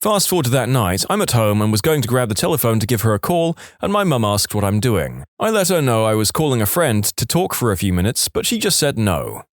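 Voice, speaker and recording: A man narrating reddit-style stories in an expressive, scripted storytime manner. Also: mid-range voice, brisk, hardly any pauses, no echo, clean studio sound. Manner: lively, expressive reading.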